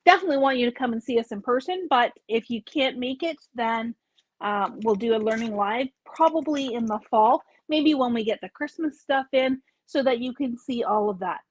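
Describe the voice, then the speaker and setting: A woman's voice: a little high, moderate pace, dry recording. A woman hosting a live craft store video, chatty and explanatory, often correcting herself as she shows products. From Canada.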